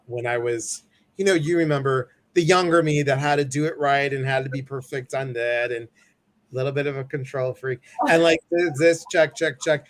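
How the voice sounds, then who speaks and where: A man hosting a casual chat, telling stories in an animated way and acting out the people in them. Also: on the high side. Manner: animated storytelling, acts out voices. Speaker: host.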